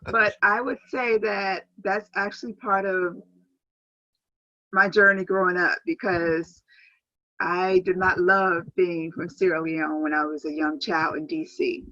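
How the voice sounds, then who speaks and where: A woman's voice: on the low side, flat delivery, unhurried, pushed and bright, no room sound. Female guest from D.C., remote call audio, dull and dry, upbeat storyteller. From Washington, D.C., USA. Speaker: guest, advocate for girls. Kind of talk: casual interview conversation. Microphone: phone or remote call.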